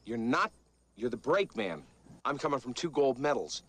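A man's voice: mid-range voice, sing-song, moderate pace, a bit bright. An actor playing a blunt, wry middle-aged male bobsled coach lecturing his team in a film. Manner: blunt, instructive. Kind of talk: film dialogue.

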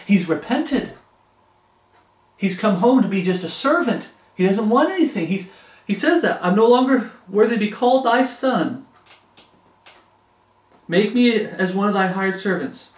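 A man's voice: high-pitched, expressive, measured pace, pauses often, echoey room. A man preaching a fervent, pleading sermon, quoting scripture in old-fashioned wording.

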